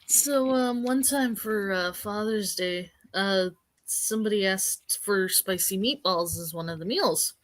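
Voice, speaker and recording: A woman in a casual chat, telling an animated story and laughing. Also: medium pitch, measured pace.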